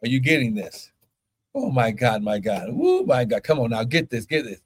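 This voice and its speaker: A pastor preaching a fervent sermon, shouting scripture and breaking into exclamations between verses. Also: male voice, medium pitch, sing-song, moderate pace, breathy edge.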